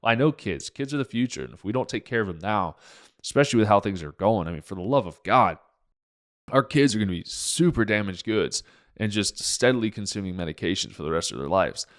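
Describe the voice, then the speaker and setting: A naturopathic doctor hosting his own podcast delivers a heated monologue full of swearing, hopping between points and restarting often. His voice is on the low side, with lively intonation and a fairly quick pace.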